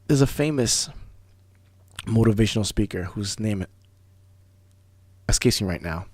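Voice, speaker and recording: A man hosting a talk radio show, telling stories in a casual, animated way, often restarting words. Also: lowish voice, no echo. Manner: animated storyteller, fast bursts, repeats and restarts words. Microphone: studio microphone.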